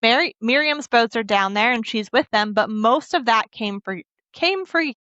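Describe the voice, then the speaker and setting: A woman's voice: on the high side, expressive, moderate pace, bright, forceful tone, no echo. A woman co-hosting a book podcast, retelling a fantasy novel's scenes in a casual, emotional way and quoting the characters' lines. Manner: emotional, laughs and chokes up while recounting. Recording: dull lo-fi dry audio.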